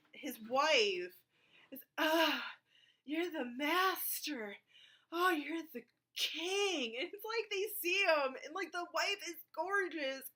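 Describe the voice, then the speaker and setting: A woman's voice, high and bright, talking through a film review in a loose, rambling way. She drifts between points, leans on fillers, and drops blunt, jokey asides. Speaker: movie reviewer. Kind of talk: casual spoken film review.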